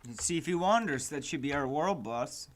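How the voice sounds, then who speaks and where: A man's voice: on the high side, lively intonation, moderate pace. Exasperated man swearing at his computer. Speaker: game developer streamer. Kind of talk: frustrated livestream commentary.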